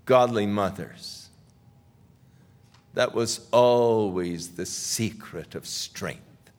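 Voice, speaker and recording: A male pastor preaching a sermon in a slow, emphatic style that swells loudly on scripture. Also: fairly low pitch, long reverb tail.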